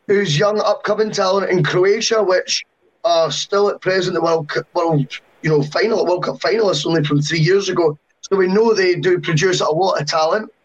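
A man's voice: high voice, normal speed, highs cut off. A man co-hosting a football podcast, chatty and long-winded, full of asides. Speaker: podcast co-host. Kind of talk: casual football podcast chat.

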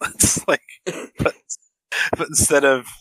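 A man co-hosting a podcast in casual chat, swearing, laughing and drawing quick pop-culture comparisons. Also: fairly high pitch, steady tone, a bit bright, husky, no room sound, low-quality recording. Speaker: podcast co-host. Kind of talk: casual film discussion.

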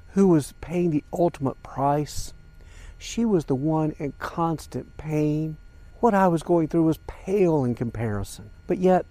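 A man's voice: fairly high pitch, dark tone, no room sound. An older man hosting a podcast, talking earnestly and emotionally straight to his listeners in a personal, reflective monologue. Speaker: podcast host.

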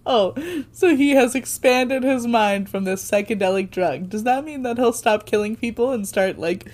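A woman's voice: fairly high pitch, moderate pace, darkish tone. A young woman co-hosting a podcast, recapping a TV episode in casual, sarcastic chat and laughing often. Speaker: podcast co-host.

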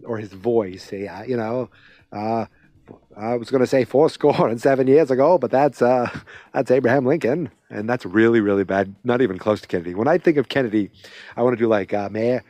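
A man's voice: mid-range voice, moderate pace, mellow, no echo. Rambling man recapping an episode. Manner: rambling, self-interrupting, conversational. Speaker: podcast host.

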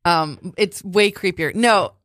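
A woman co-hosting a casual chat, telling a story with lively quoted voices. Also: on the low side, takes it slowly, no echo, clean studio sound. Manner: animated storyteller, acts out quotes.

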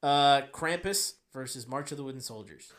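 A man's voice: mid-range voice, moderate pace, fairly bright tone. A young man co-hosting a podcast in casual chat, easygoing, steering between topics. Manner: easygoing, runs the segments. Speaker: podcast co-host.

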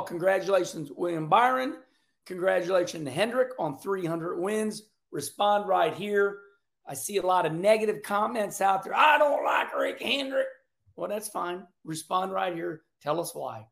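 A high-pitched, gravelly older man talks through a race in a loose, chatty commentary. He jokes and drifts into asides as he goes. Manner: chatty, joking, animated asides. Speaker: racing commentator. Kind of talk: casual commentary vlog.

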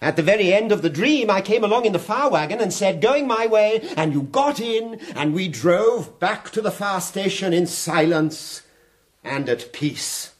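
A silky, taunting fire captain. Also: male voice, sits high, animated, normal speed. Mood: coaxing. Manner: silky, taunting, quotes verse at length. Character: sly, mocking fire captain, middle-aged man. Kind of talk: radio drama acting.

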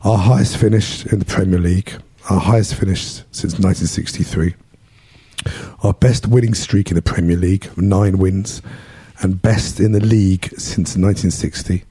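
A man with a London English accent hosts a casual podcast, his voice hoarse and rough after losing it. He sounds dark and mellow, recorded close and dry. He is self-deprecating and laughs easily. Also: sits low, steady tone, normal speed, dry recording. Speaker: podcast host.

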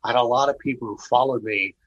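A man's voice: medium pitch, fast. A man telling a personal story in a casual, earnest way, with frequent restarts, on a dull lo-fi recording. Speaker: storyteller sharing personal testimony.

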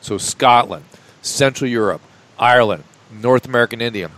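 A man on a casual talk show, explaining his own theory at length in a measured way. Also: mid-range voice, fairly bright tone.

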